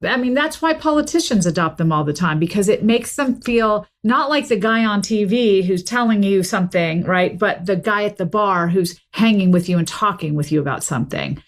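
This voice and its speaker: A woman's voice: mid-range voice, normal speed, few pauses. Articulate woman explaining at length. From American South. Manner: articulate, explanatory, steady flow. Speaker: linguistics professor and author, guest. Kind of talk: casual interview talk.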